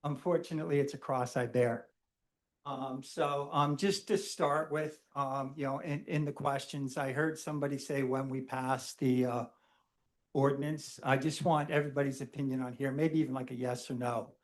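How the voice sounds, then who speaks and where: A man speaking at public comment at a town council meeting, halting with many fillers as he asks measured questions. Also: medium pitch, fairly even intonation.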